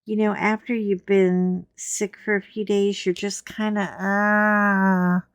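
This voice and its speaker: A middle-aged woman, hoarse while recovering from laryngitis, chatting casually and rambling with wry humor as she hosts her coloring channel from a chair at home. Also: mid-range voice, little pitch movement, slow pace, no room sound, clean studio sound. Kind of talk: casual chat.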